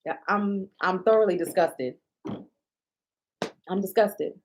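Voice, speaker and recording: Slow-talking, blunt woman ranting. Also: medium pitch. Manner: indignant, blunt and profane. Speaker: shop owner and vlogger. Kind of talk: casual ranting monologue to viewers.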